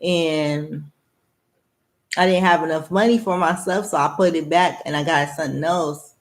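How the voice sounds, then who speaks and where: A woman's voice: sits low, steady tone, moderate pace. A young adult woman giving a candid personal monologue to camera, blunt and rambling, with heavy swearing. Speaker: vlogger.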